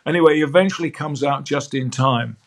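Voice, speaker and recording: An older man, a sports broadcaster, telling an anecdote as a lively raconteur who repeats words as he goes. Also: fairly high pitch, a little fast. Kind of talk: anecdotal storytelling.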